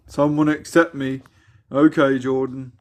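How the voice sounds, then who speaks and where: A man's voice: mid-range voice, a little hiss or hum. A man, joking and laughing through casual banter as co-host of a live stream panel. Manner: laughs often, mocking teasing tone.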